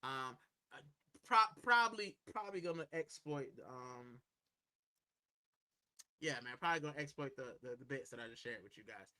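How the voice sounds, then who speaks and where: Streaming from a corner of his home, a man talks with viewers in a loose, rambling way, reads out their comments, and keeps saying "bro." His mid-range voice is animated, bright, and forceful, at normal speed with long pauses.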